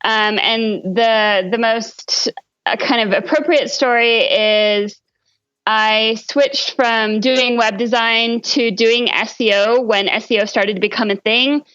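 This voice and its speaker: Woman guest expert, smooth clear voice, relaxed storyteller, slightly dull line. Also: on the high side, slow pace. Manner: relaxed storytelling with frequent ums. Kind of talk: podcast interview.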